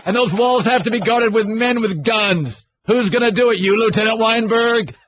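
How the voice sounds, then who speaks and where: A man doing an amateur impression of a gruff commanding colonel that comes out stilted and a bit British-sounding. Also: high voice, normal speed, fairly bright tone, muffled recording, slight background noise, voice pushed up. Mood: mock stern.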